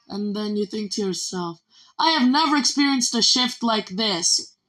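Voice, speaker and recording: A woman recounts a personal story in a vlog. Her voice sits a little high and bright. She speaks slowly and strings each event onto the last with "and then". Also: poor audio. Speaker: vlogger.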